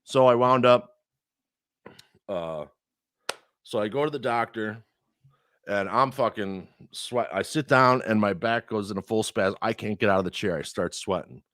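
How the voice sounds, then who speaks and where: A man's voice: lowish voice, measured pace, pauses often, no room sound, studio quality. A man telling a personal story in casual chat, swearing freely and acting out the people he quotes. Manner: profane, animated, acts out quoted people.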